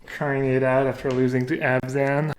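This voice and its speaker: A young man whose first language is French, casually commenting on his own card game as he streams, thinking aloud with many pauses and fillers. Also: medium pitch, level tone, slight background noise.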